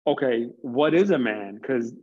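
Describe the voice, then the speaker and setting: A man's voice: mid-range voice, lively intonation, mellow, dull audio. A man speaking earnestly as an interview guest, reflecting at length and sometimes stumbling over his words. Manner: earnest, stumbles on words, builds points slowly. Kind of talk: reflective conversation.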